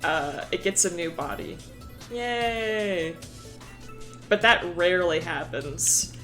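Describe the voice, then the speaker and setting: A woman's voice: lowish voice, moderate pace, bright, forceful tone, faint music behind. A woman streaming casually, rambling about her worldbuilding with frequent laughter and swearing.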